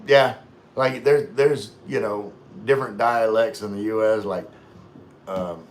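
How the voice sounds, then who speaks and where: A man's voice: on the low side, steady tone, a little slow. Chatty man rambling on a livestream. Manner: rambling, chatty, loses his train of thought. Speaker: livestream host reading viewer comments. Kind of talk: casual livestream chat.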